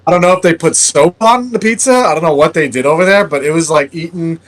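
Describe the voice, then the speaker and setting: A man's voice: fairly high pitch, fast talker. A man who plays in a touring band, chatting in a laid-back way, full of hesitations and "dude". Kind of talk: casual chat.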